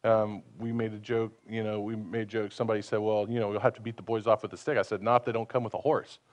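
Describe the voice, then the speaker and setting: A man's voice: on the low side, little pitch movement, fast talker, a little mellow. A man preaching a conversational sermon, asking his listeners questions and acting out the voices he quotes.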